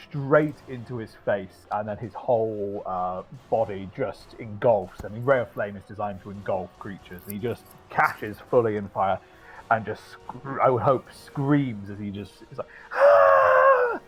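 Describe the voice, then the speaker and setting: A man playing a tabletop game, describing his character's actions with many fillers. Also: lowish voice. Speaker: player.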